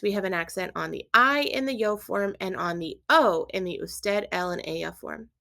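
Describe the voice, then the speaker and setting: Woman teaching spanish, patient and clear, medium pitch, quizzing you as she goes. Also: a bit bright. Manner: clear, patient instruction with quiz prompts. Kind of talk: scripted language lesson.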